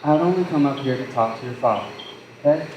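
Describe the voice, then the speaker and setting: A teenage boy playing a wordy, sardonic young man in a high school stage play, talking in a theatrical way. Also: fast talker, lightly acted. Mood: storytelling. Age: teens. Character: fast-talking self-assured young man courting. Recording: roomy, distant mic, faint noise.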